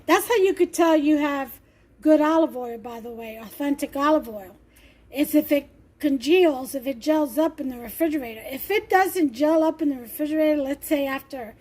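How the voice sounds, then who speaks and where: High-voiced chatty woman cooking at home. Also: darkish tone. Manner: chatty and rambling, laughs often. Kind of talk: casual cooking vlog chat. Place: home kitchen.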